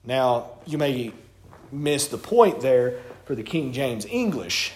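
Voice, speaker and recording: A man's voice: mid-range voice, sing-song, slow. A man preaching a sermon, folksy and storytelling with colloquial grammar, in a church sanctuary. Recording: echoey church room.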